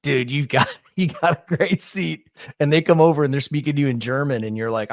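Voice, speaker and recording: A man's voice: fairly high pitch, quick pace, no echo, studio quality. A man co-hosting a podcast, joking and playing out little scenes in casual chat. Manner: joking, plays out skits in quotes. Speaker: podcast co-host.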